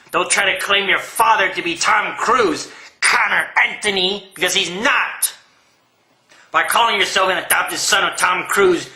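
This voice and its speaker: A man's voice: high voice, pushed and bright, roomy sound, poor audio. A man delivering a comedic rant monologue, sarcastic and profane.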